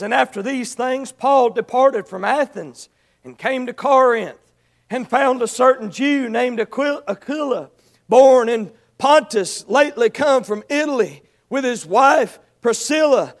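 A man with a very high voice preaches a sermon. He rises into loud shouted exhortation, then drops to soft, pleading appeals. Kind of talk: evangelistic sermon.

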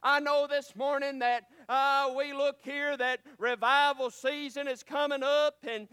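A man preaching a sermon as pastor, swinging between quiet, slow scripture reading and loud, repetitive exhortation. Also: extremely high pitch, flat delivery, no room sound. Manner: preaching with rises and drops, repeating phrases.

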